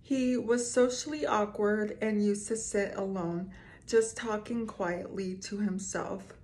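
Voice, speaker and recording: A woman casually reading scary stories aloud to her viewers, stopping for quick reactions between passages. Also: mid-range voice, fairly even intonation, darkish tone. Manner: slow, reads aloud with asides and reactions. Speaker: storyteller reading creepy stories.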